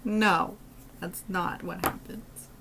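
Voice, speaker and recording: A woman's voice: on the low side, fairly even intonation, takes it slowly, gravelly, sharp tone, a little hiss or hum, low-quality recording. A woman co-host reacting to stories with short, blunt remarks. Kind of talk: casual chat.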